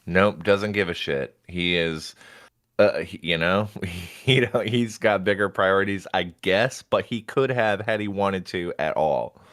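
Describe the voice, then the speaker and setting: Super deep voice guy, laid back, rambles about a story on a livestream, drops a swear here and there. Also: unhurried. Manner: relaxed, chatty, swears casually. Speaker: podcast co-host. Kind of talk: casual livestream discussion.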